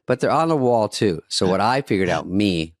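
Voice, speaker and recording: A man in his fifties co-hosting a podcast, telling stories in a dry, deadpan comedic way. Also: lowish voice, normal speed, no room sound. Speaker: podcast co-host. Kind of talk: casual comedic chat.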